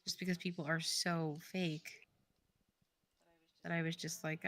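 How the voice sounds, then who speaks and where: A young woman chatting casually on a game development stream. She talks slowly and giggles a lot, filling her sentences with "like". Her voice sits a little low. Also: level tone, fairly bright tone. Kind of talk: casual chat.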